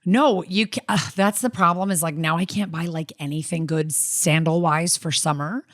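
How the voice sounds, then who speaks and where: A woman's voice: lowish voice, normal speed, no room sound, clean studio sound. A woman who is a mother, co-hosting a podcast in easygoing casual chat, full of likes and ums. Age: adult with a child. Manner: easygoing, many fillers, laughs often. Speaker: podcast co-host.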